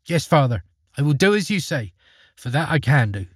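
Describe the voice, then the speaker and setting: A man reading aloud as an earnest, fearless young lad, his husky voice rising and falling with lively intonation. The sound is close and dry, with no room around it. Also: on the high side, normal speed, dry recording. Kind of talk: storybook reading.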